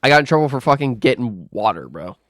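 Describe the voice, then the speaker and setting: A man's voice: medium pitch, sing-song, quick pace, fairly bright tone, dry recording, studio quality. A young man telling a rambling, aggrieved storytime rant while gaming, swearing and restarting his sentences often. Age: young adult. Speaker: gaming vlogger.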